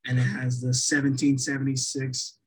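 A man's voice: mid-range voice, completely flat delivery, normal speed, slightly rough, poor audio. A man co-hosting a podcast in casual chat, rambling with many restarts and fillers.

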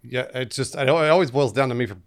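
A man's voice: medium pitch, quick pace. Reflective man on a podcast. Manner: reflective, repeats words as he thinks. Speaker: podcast co-host. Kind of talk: casual chat.

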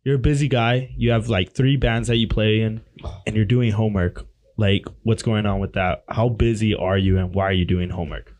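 A man's voice: on the low side, fairly even intonation, normal speed, a little mellow. A man hosting a podcast, asking the guest loose, joking questions. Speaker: podcast host. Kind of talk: casual podcast chat.

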